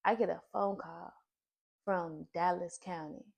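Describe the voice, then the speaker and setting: Female vlogger, lowish creaky voice, blunt animated storyteller. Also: unhurried. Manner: blunt, profane, animated retelling. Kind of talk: casual storytime.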